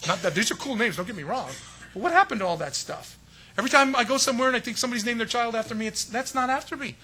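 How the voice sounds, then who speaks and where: A man's voice: sits high, bright, forceful tone, slightly rough. A middle-aged man from San Diego preaching a sermon in a casual, joking way, acting out the people he quotes. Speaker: pastor.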